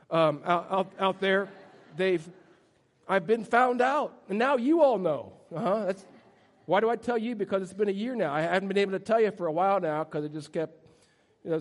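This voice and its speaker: High-voiced pastor in a reverberant hall. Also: male voice. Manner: humorous storytelling, self-deprecating. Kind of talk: sermon. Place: church sanctuary.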